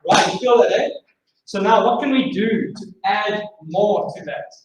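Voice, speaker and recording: A man's voice: sits high, animated, a little slow. A man teaching a drumming masterclass, encouraging his students and singing out rhythms with syllables. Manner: encouraging, sings out rhythms with vocables. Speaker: drumming instructor. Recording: far-off mic, very echoey room, faint noise.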